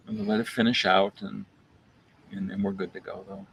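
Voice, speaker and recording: A man's voice: deep voice, brisk, vocal fry, a little hiss or hum. A man who roasts coffee, telling a casual story, acting out quotes and repeating words as he thinks. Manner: animated anecdote with acted-out quotes. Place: coffee shop.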